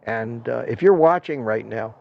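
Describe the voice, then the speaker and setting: A man's voice: mid-range voice, lively intonation, normal speed, vocal fry. An older man hosting a live stream, rambling and ranting in a self-deprecating way and thanking his viewers by name. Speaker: livestream host. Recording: dull lo-fi stream audio.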